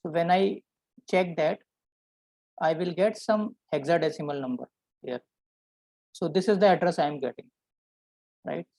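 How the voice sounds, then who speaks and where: A man teaching a programming lesson, explaining step by step and often checking in with a quick "right?". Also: fairly high pitch, vocal fry, a little mellow, no echo, low-quality recording. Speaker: programming instructor. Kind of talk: live coding lesson.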